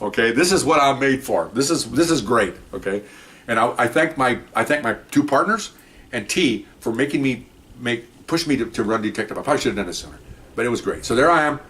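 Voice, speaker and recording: A man who is a former police detective, telling rambling anecdotes in a casual, animated way, full of restarts and retold conversations. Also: mid-range voice, a little fast. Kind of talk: casual spoken storytelling.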